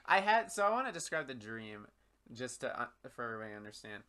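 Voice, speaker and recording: Laid-back young man with a bright voice. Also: medium pitch, very animated, fast, a little hiss or hum. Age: young adult. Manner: laid-back, swears casually, says "man" and "dude". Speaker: podcast co-host. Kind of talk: casual chat.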